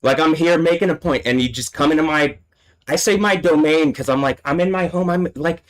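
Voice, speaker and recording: A man's voice: fairly high pitch, brisk, rough recording. A man hosting a solo livestream, talking in an agitated, swearing rant. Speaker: livestream host.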